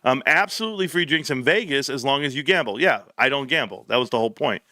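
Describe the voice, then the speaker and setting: Quick-paced and medium in pitch, a middle-aged man hosts an easygoing livestream chat. He relates stories with blunt, animated energy and plenty of slang; the sound is studio quality with no room sound.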